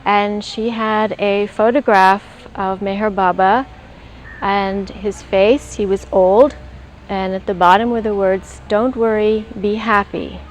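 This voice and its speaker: A woman's voice: mid-range voice, fairly even intonation, slow, slight background noise, low-quality recording. An older woman telling a personal spiritual story in an earnest way, acting out her own past thoughts as she goes. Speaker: interviewee.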